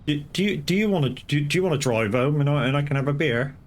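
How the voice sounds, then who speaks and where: A man's voice: on the high side, animated, quick pace, voice pushed up, close to an everyday voice. A man voicing a coaxing woman at the pub who stammers as she sweet-talks. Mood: wheedling. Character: sly wheedling woman at the pub, adult.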